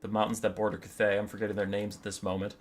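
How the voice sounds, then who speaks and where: A man casting a strategy game battle, telling the story in an animated, jokey way with quick asides. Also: fairly low pitch. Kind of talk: casual game commentary and storytelling.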